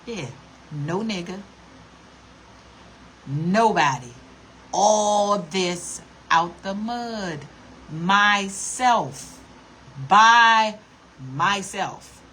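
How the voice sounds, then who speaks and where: A woman's voice: medium pitch, extremely slow, pauses often, pushed and bright, slight background noise. A woman vlogger ranting to her camera in a blunt, profane, scolding way. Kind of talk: casual rant to camera.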